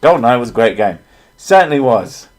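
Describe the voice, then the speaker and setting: A man's voice: medium pitch, big pitch swings, brisk. A man from England, joking and swearing in a casual chat as a streamer. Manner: joking, swears freely, slips into silly voices.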